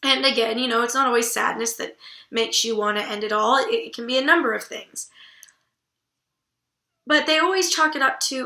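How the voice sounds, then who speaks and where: Blunt, bright-voiced woman vlogger. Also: on the high side, moderate pace, pauses often, reverberant. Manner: blunt and irreverent, swears casually. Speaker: book vlogger host. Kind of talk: casual literary commentary.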